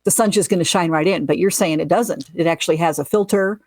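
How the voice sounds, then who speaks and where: A woman's voice: lowish voice, a little mellow, no echo. Chatty upbeat woman co-host. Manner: upbeat and chatty, quick to agree. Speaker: podcast co-host. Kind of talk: casual chat.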